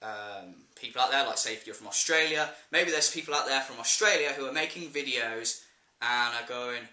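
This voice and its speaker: A man's voice: medium pitch, a little fast, bright, forceful tone, roomy sound. A man with an English accent ranting in a vlog, blunt and sweary with an exasperated edge. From England. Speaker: vlogger.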